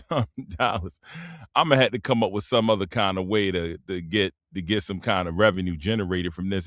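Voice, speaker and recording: A man hosting a casual live stream, talking in a laid-back, rambling way into a simple microphone, often clearing his throat. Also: fairly low pitch, fairly bright tone, no echo, clean studio sound.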